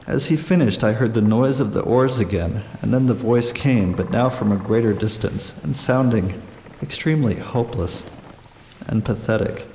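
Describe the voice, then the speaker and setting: A man narrating a story aloud in a measured, even storytelling manner. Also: lowish voice. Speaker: audiobook narrator. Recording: echoey room with long reverb and faint noise.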